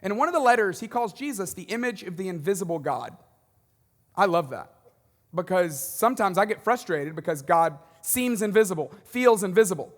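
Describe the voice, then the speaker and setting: A man preaching a sermon as pastor, conversational and animated, with joking asides. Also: sits high, brisk, in a large hall. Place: large church auditorium.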